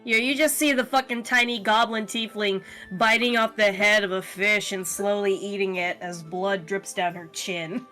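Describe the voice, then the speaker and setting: A woman's voice: medium pitch, fairly even intonation, moderate pace, few pauses, bright, forceful tone, faint music behind. A woman narrating a tabletop game as game master, casual and profane.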